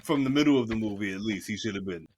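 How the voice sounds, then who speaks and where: A man's voice: on the low side, very fast, a little mellow, slight background noise. A man co-hosting a podcast, chatting casually about an old film, swearing and laughing as he goes. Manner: profane, laughing, quotes lines from the film. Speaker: podcast co-host. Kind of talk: casual film review chat.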